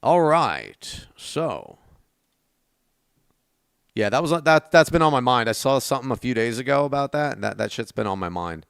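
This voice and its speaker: A man chats casually with his live-stream audience while he plays, thanking donors and talking straight to chat. His voice is bright and smooth and swings up and down a lot. The sound is dry and close, with no room around it. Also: medium pitch, big pitch swings, normal speed, dry recording. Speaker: game streamer. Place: at a desk.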